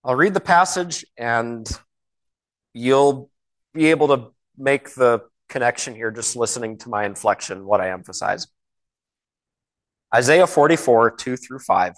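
A man gives a sermon in a relaxed, conversational manner. His voice sits at a middle pitch, and he slows down to lean on key words, often asking the listeners questions. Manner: conversational, emphatic, with rhetorical questions; slows and stresses key words when reading scripture. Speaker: preacher.

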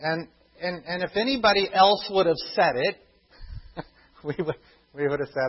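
Preacher guy, husky voice, kinda high, dull lo-fi sound, slows way down on quotes. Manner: emphatic, slows for quotations, drops to quiet asides. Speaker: pastor. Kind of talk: sermon.

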